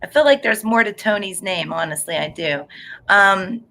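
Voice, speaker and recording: Woman, psychic reader, effusive, laughs often, bright sharp voice, average pitch. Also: moderate pace, vocal fry, rough recording. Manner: chatty, effusive, frequent laughter; earnest and emotional. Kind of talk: live psychic reading.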